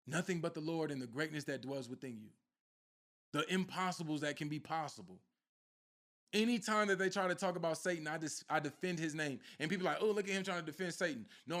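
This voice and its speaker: A spiritual content creator gives a casual, preachy talk directly to his viewers in a fairly high, slightly bright voice. He often repeats himself to press his point.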